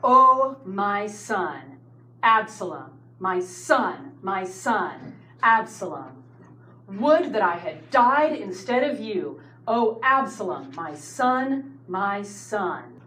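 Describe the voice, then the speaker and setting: A woman's voice: mid-range voice, very animated, extremely slow, bright, forceful tone, exaggerated voice. A woman voicing a grieving old king who wails over his son, in a roomy space with faint noise. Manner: wailing lament.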